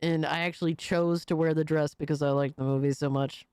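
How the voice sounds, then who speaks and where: A young woman streamer giving excitable, profane live reaction commentary, full of hype shouts and swearing. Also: deep voice, fairly quick, clean tone, no echo, studio quality. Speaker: streamer host.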